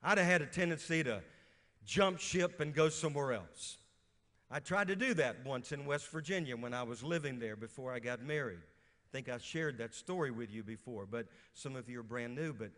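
Reading from scripture, a middle-aged pastor from Louisiana quizzes his congregation as he preaches. His voice is mid-range, fairly bright and lively, at a moderate pace, and the church sanctuary echoes around him.

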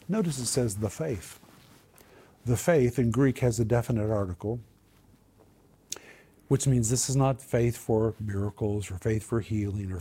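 A man's voice: mid-range voice, mellow, breathy edge. A man teaching on Bible verses and word meanings, growing emphatic on key points. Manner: emphatic, builds to a raised voice on key words.

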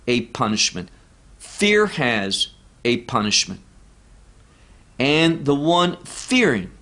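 A man teaching verse by verse through a Bible passage, deliberate and emphatic, often repeating key words. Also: on the high side, fairly bright tone.

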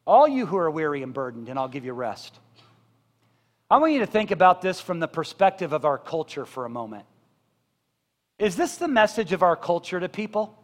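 Male pastor, sermon delivery, impassioned swells, bright high voice, long church reverb. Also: sing-song, normal speed. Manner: impassioned, rising to loud emphatic peaks. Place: church sanctuary.

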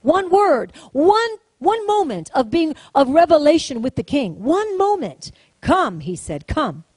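A woman's voice: sits high, very animated, unhurried, a little mellow, dry recording, poor audio. A woman preaching a sermon to a congregation, emphatic and repetitive, calling out to the room and getting them to repeat lines. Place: church service, in front of a congregation.

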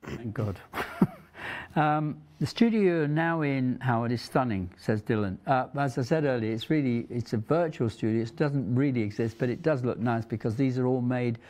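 Chatty man with a mellow voice. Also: medium pitch, normal speed. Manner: chatty, rambling storyteller who laughs often. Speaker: TV show host. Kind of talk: casual Christian talk show chat.

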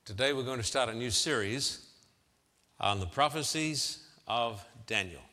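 A male preacher opens a sermon in a slow, measured way, stressing and repeating numbers for effect. His tone is bright and forceful, and his words ring out with the long reverb of a large hall. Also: medium pitch, lively intonation. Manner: emphatic, repeats figures for effect.

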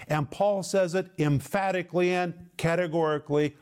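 A male Bible teacher with a somewhat high voice. He teaches in an emphatic, deliberate way and slows down to press on the words that matter. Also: a little mellow.

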